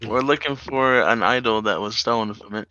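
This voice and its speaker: A man's voice: mid-range voice, normal speed, bright, forceful tone, lo-fi sound. A man playing his character in a tabletop game, speaking plainly and earnestly. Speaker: player.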